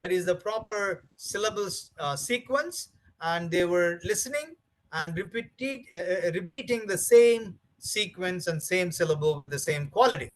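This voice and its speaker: High-voiced man lecturing teachers. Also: animated, normal speed, rough recording. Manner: repetitive, emphatic, many fillers. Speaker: teacher trainer. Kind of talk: training lecture.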